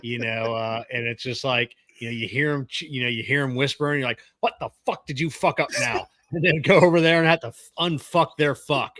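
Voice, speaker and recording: A middle-aged man co-hosting a podcast, talking casually and gruffly with plenty of swearing, close to the mic. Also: medium pitch, brisk, few pauses, sharp tone, dry recording. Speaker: podcast co-host. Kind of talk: casual chat.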